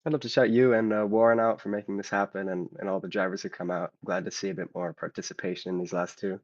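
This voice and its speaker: A man's voice: deep voice, level tone, quick pace, no room sound, lo-fi sound. A man who drove the race, explaining his strategy in a hesitant way, with many ums and likes. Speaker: race driver being interviewed. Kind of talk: casual interview answers.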